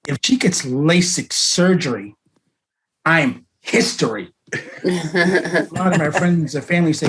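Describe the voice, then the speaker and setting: A man's voice: on the high side, animated, measured pace, pauses often, a bit bright, slight background noise. A man doing a stand-up set over a video call, with dry one-liner delivery. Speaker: stand-up comedian.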